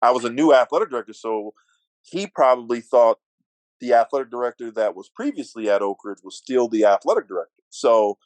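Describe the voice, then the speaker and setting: A man telling a story as a podcast guest, lively and self-deprecating, stumbling over restarts. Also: mid-range voice, fairly quick, no echo. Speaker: guest, athletic director.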